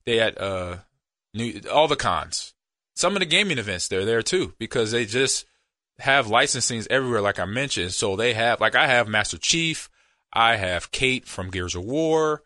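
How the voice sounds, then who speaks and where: A man co-hosting a podcast in easygoing, rambling casual chat that often drops to a low murmur. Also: expressive, moderate pace, bright, forceful tone, dry recording, studio quality. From United States. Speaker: podcast co-host.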